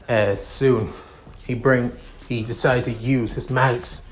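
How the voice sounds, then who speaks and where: A man reading his fan fiction aloud in a halting, repetitive way with many restarts. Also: medium pitch, faint music behind.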